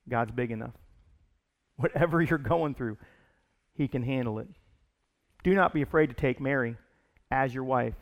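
Pastor guy giving a sermon at church, kinda gravelly, a bit higher voice, talks loose and chatty. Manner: conversational preaching, many restarts and "if you will". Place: church service.

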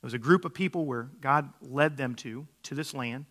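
A man's voice: medium pitch, moderate pace, a bit bright. A middle-aged man preaching a sermon, telling stories in a casual way, with many fillers and restarts. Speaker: pastor.

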